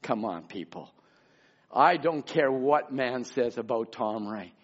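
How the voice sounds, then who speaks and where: A man preaching a fervent sermon as pastor, moving from quiet, plain talk to loud shouting. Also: mid-range voice, lively intonation, measured pace, muffled recording.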